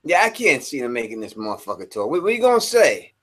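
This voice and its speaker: A man hosting a casual live podcast chat, animated and teasing, cursing freely as he moderates the guests. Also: medium pitch, fast, husky. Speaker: host.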